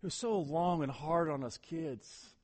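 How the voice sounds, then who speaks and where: A man preaching a sermon as pastor, telling stories animatedly and swinging from loud emphasis to a hushed near-whisper. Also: a little high, a little slow. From Ohio.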